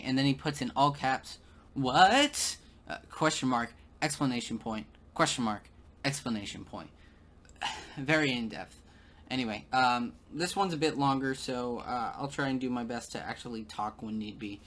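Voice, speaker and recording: A man's voice: mid-range voice, fairly bright tone. A man giving sarcastic video commentary, stammering and repeating words.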